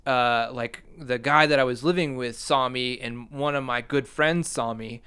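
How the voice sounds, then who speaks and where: A man's voice: mid-range voice, steady tone, a little slow, pushed and bright, clean tone. A young man casually telling a rambling, self-mocking story, laughing as he goes. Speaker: storyteller guest.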